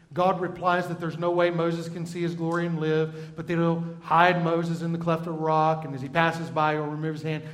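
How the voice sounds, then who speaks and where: A man preaching a sermon, talking in a conversational way and turning often to the congregation. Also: on the high side. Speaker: pastor. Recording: roomy echo.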